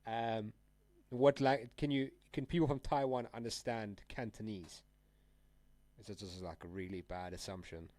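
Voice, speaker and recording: A man's voice: lowish voice, fairly even intonation, normal speed, a little mellow. A young man chatting casually on a live trading stream, rambling and slangy with frequent laughs. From South Africa. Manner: laid-back, rambling, slangy, laughs often. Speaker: trading livestreamer.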